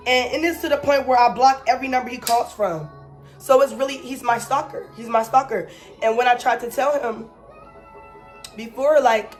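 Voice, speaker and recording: A young woman vlogger in casual chat, telling a personal story with animated, emphatic asides and exasperated repetition. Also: on the high side, normal speed, soft background music.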